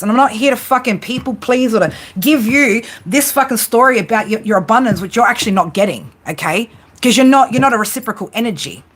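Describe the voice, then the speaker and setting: Her pitch is on the high side and her tone fairly bright. She's a tarot livestream host delivering a blunt, defiant rant to viewers, full of heavy swearing and heat.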